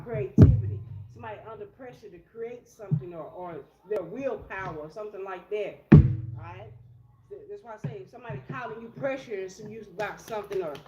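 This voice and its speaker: A woman doing a casual tarot reading in a blunt, profane, streetwise way. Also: medium pitch. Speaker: tarot reader. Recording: echoey room with loud music.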